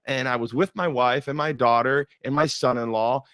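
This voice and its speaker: A man's voice: medium pitch, steady tone, moderate pace, a bit bright, dry recording. A middle-aged man giving a faith-based motivational talk, emphatic and repetitive with a preacher-like cadence. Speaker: motivational speaker.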